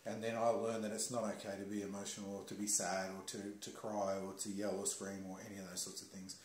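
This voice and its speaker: A man calmly explaining ideas in a measured, teacher-like way during a casual talk. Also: fairly low pitch. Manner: calm, slow, explaining like a teacher. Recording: roomy echo.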